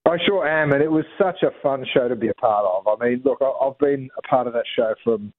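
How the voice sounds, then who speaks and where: A man's voice: medium pitch, brisk. Upbeat middle-aged man, mid-range voice, heard over a narrow phone line; chatty guest. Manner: upbeat, chatty, laughs easily. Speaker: celebrity chef guest. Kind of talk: casual phone interview.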